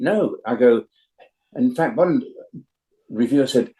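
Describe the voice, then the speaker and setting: An older actor as a guest, chatting casually and telling anecdotes with lots of fillers and restarts. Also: male voice, mid-range voice, animated, moderate pace, pauses often, warm tone, rough recording. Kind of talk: casual interview chat.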